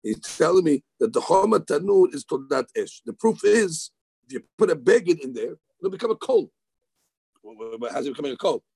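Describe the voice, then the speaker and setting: A man teaching Talmud in a lively study session, mixing Hebrew terms into his English. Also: on the high side, normal speed, vocal fry, husky, dry recording. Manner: animated, excitable, mixes Hebrew terms into English.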